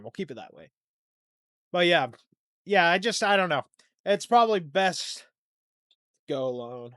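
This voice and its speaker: A man's voice: high-pitched, bright, forceful tone, dry recording, studio quality. A young man hosting a solo podcast, rambling and self-deprecating, dropping to a mumble and then turning emphatic. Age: young adult. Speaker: podcast host. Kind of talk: casual solo podcast monologue.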